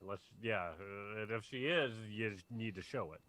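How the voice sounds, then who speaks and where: A man's voice: fairly low pitch, moderate pace. A man co-hosting a movie-review podcast, joking and riffing in casual chat. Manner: joking, animated riffing with restarts. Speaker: podcast co-host.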